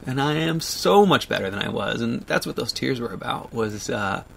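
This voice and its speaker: A man in his thirties hosting a livestream, reading viewer comments aloud and talking through them, choked up and laughing through tears, with halting restarts. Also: mid-range voice, animated, creaky, fairly bright tone, a little hiss or hum. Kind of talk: emotional casual livestream chat.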